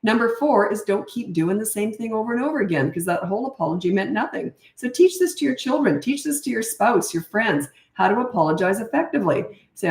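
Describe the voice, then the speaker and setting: A middle-aged woman coach talking through parenting questions in a chatty, lively way. Her voice sits at an ordinary middle pitch, and the room around her gives it a noticeable echo. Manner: chatty and animated, quick asides, reads questions aloud. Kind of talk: casual Q&A talk. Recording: roomy echo.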